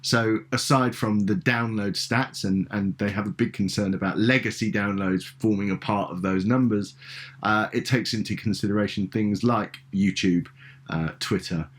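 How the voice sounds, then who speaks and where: British-raised podcast host, lower male voice, meandering questions. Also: fairly even intonation, normal speed. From Britain. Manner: rambling, hesitant questions with fillers. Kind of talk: conversational interview.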